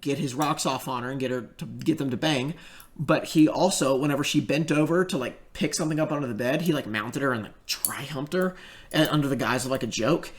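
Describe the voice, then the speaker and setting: A man's voice: mid-range voice, a little fast. A young man telling a story in casual commentary, rambling and swearing, with many fillers and restarts.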